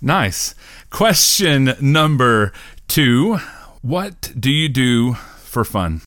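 A man hosting a preaching podcast, asking plain, steady interview questions. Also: mid-range voice, very slow, no room sound, clean studio sound. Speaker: podcast host.

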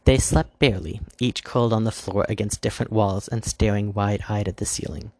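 A man with a low, slightly husky voice reads a fairy tale aloud. His delivery is measured and gently expressive, and the sound is close and dry, with no room around it. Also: no echo. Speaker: reader. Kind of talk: storybook narration with character voices.

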